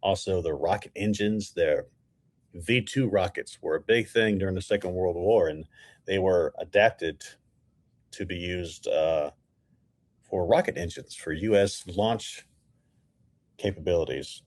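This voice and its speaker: A man's voice: low-pitched, a little slow, dry recording. A man co-hosting a podcast, looking things up and steadily sharing facts in casual chat. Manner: steady, informative, reads facts aloud. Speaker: podcast co-host, researcher.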